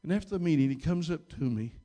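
A man's voice: animated, quick pace, warm tone. A man preaching a storytelling sermon, rambling with many restarts and repeated words, and getting emphatic at key points. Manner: emphatic, rising in pitch and volume at key moments. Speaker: pastor.

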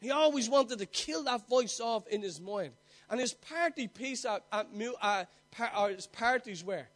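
A male preacher with a very high-pitched voice delivers a sermon. He speaks earnestly, building momentum through repeated phrases. He turns to his congregation with direct questions. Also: fairly bright tone.

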